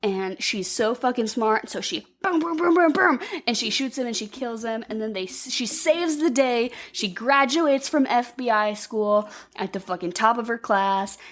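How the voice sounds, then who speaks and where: A fairly high-voiced woman tells a film's story in a loose, rambling run of talk. She swears often and jumps into quick put-on voices for the characters as she goes. It sounds like a casual podcast chat between friends. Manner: rambling, profane, acts out quotes in put-on voices. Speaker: podcast co-host. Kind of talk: casual movie recap chat.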